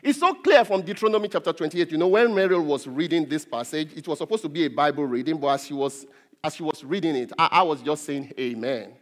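A man's voice: fairly high pitch, fast. A male pastor preaching a sermon, emphatic, repeating and stressing key words. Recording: long hall reverb.

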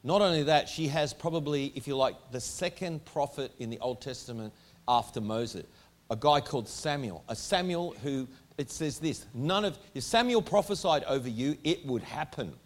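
A man's voice: mid-range voice, animated, moderate pace. A man preaching a sermon to a congregation in a church, emphatic and driving home his points with repeated rhetorical questions. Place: church hall before a congregation.

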